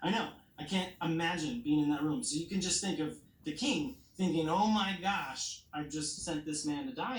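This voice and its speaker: Lively woman telling a bedtime story. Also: deep voice, reverberant, poor audio. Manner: playful, asks children questions, acts out characters. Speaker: storyteller to children. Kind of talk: animated bedtime Bible story.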